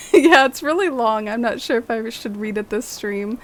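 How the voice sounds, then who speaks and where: A woman's voice: on the high side, lively intonation, normal speed, fairly bright tone, slight background noise. A young woman streaming a game, chatting in a friendly way with viewers and musing aloud. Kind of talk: casual chat with viewers.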